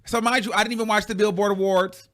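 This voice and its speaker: Sassy, animated male commentary host. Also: sits high, quick pace. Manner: animated and sassy, stretching out words for effect; laughs often while talking. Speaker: host of a pop-culture commentary show. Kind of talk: casual chatty commentary.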